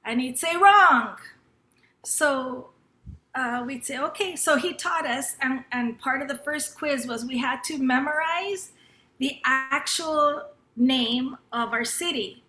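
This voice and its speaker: A woman's voice: sits high, a little slow, sharp tone, reverberant, a little hiss or hum. A middle-aged woman from Los Angeles telling a personal story at an educators' event, talking conversationally with fillers and restarts and acting out a teacher's lines. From Los Angeles, United States. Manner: acts out her teacher's lines in quotes. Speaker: panel speaker at an educators' summer institute.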